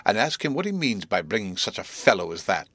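Stern, curt lawyer voiced by a man, low-pitched and dry, storybook reading. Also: sing-song, a little fast, fairly bright tone, no room sound, full character voice. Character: stern, domineering male lawyer, irate.

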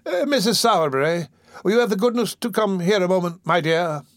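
A man's voice: high-pitched, animated, fairly quick, no room sound, studio quality, pitched above the performer's own voice. A man voicing a deferential middle-aged undertaker who speaks politely and fawningly.

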